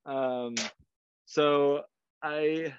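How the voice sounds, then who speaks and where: A man's voice: a little high, steady tone, very slow, clear, resonant tone, no echo, dull audio. A man telling a long casual story as a podcast guest, rambling and swearing, with many fillers. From Southern California. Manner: rambling, profane, lots of fillers.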